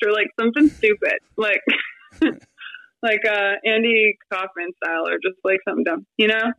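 Woman, thirties, podcast guest, chatty storytelling, bright tone, slightly dull lo-fi sound. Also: mid-range voice, moderate pace, no echo. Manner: chatty, animated, many fillers and quoted asides. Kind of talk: casual storytelling interview.

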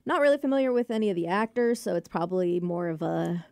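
A woman's voice: lowish voice, lively intonation, quick pace, vocal fry, darkish tone, no room sound, clean studio sound. A woman co-hosting a podcast in casual chat, chatty, giggly and upbeat. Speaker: podcast co-host.

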